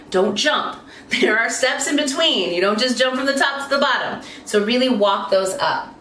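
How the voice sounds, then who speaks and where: A woman teaching speaking skills, demonstrating how her pitch rises and falls as she explains. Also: expressive, unhurried, a bit bright, slight background noise. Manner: demonstrates pitch changes, swooping between high and low tones. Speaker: speaking coach. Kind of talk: instructional talk. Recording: roomy, slightly distant mic.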